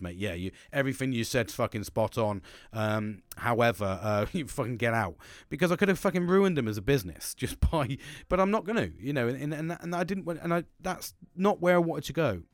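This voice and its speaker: A young man rambles through a story in a dry, close recording, swearing all the time and laughing as he talks. His voice sits at a middle pitch, and he bursts into excited highs and falls to low mutters. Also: no echo. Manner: swears constantly, animated, laughs through stories. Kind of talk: casual storytelling to camera.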